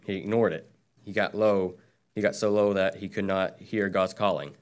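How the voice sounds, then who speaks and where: Lay preacher, very low and flat, plain and halting delivery. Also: male voice, clear, resonant tone. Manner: plain, hesitant, reading scripture. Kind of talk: short Bible message.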